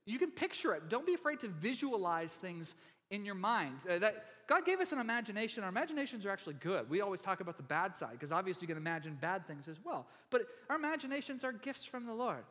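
A man preaching a sermon to his church in a relaxed, conversational way, with many fillers and restarts. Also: high-pitched, fast. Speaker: pastor. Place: church sanctuary. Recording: long hall reverb in a church.

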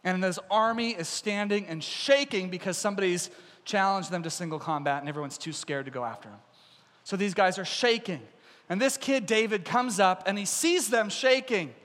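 A male pastor preaching a sermon, telling a story and acting out its characters, in a hall with long reverb. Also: sits high. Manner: animated storyteller, acts out characters.

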